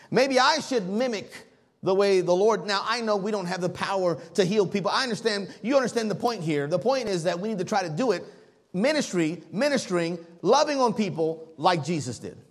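A man preaching a sermon as pastor, telling a story in an animated way while the congregation answers back. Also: sits high.

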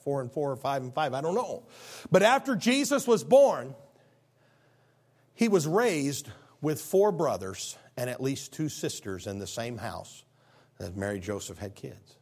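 A man in his fifties or so, preaching a sermon, grandfatherly and animated, swinging between soft, drawn-out lines and near-shouting. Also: medium pitch. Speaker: pastor.

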